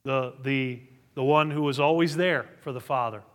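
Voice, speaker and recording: A man's voice: mid-range voice, moderate pace. Preaching man in an echoey church. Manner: preaching with rising emphasis, reading scripture aloud. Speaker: pastor. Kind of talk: sermon. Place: church sanctuary.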